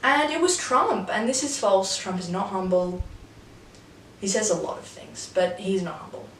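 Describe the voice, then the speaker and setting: A woman's voice: medium pitch, fairly even intonation, moderate pace, darkish tone, a little hiss or hum. Wry Australian woman, echoey and distant. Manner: chatty, wry, swears freely. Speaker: host of a quiz video. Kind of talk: casual quiz commentary. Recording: echoey room, mic set back.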